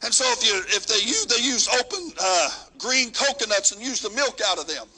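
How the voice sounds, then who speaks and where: A man telling a missionary story in a sermon, folksy and animated, going from shouting to hushed. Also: high voice, a little fast, low-quality recording. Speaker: missionary preacher. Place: church sanctuary.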